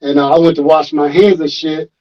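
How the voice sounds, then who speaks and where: Animated profane man telling a story. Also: on the high side, brisk, dull audio. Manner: animated, profane, acts out quoted voices. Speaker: rapper guest. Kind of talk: casual storytelling chat.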